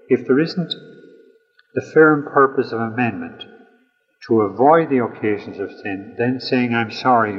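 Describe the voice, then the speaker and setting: A man preaching a sermon in a measured, earnest way, slowing down to stress key phrases. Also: lowish voice. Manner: measured, earnest delivery with slow emphatic phrases. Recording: muffled sound with long hall reverb.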